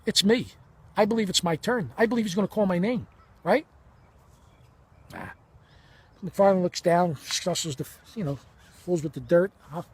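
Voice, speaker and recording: A man's voice: high-pitched, normal speed, long pauses, darkish tone, slightly rough. A man in his fifties telling a personal story in a heated, blunt and profane way, acting out the dialogue as he goes. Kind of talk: emotional first-person storytelling.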